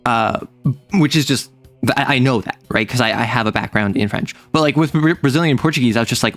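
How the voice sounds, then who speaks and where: A man streaming a casual chat, telling a rambling, animated story and laughing often. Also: medium pitch, fast talker, soft background music.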